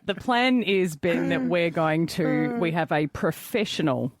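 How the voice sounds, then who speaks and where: A woman's voice: fairly low pitch, animated, a little slow, dry recording. Aussie lady radio host, chatty and upbeat, dry close studio mic. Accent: Australian. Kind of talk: casual radio banter.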